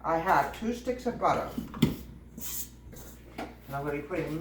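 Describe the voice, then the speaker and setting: In her home kitchen, a woman hosts a baking video, chatting in a homespun way, calling viewers "folks" and wandering into small talk as she works. Her deep voice has lively intonation, a little slow with long pauses, and music plays behind her in an echoey, noisy kitchen.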